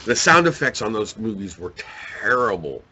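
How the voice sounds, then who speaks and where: A man's voice: lowish voice, moderate pace, noisy background. A man co-hosting a casual webcast chat, joking and laughing a lot. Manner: joking, laughs often, animated. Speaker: co-host.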